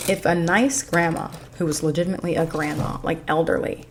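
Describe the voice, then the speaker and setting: A woman vlogger rambles through a casual storytime, full of fillers, on a desk mic in her apartment in a noisy city. Her deep, gravelly voice runs fairly quick with fairly even intonation, and there is slight background noise.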